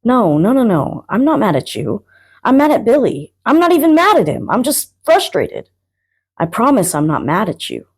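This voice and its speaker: A woman voicing a frustrated but gentle young man within a spoken word poem, exasperated yet soothing toward her. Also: fairly low pitch, sing-song, moderate pace, creaky, hardly any pauses, husky, full character voice. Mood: reassuring.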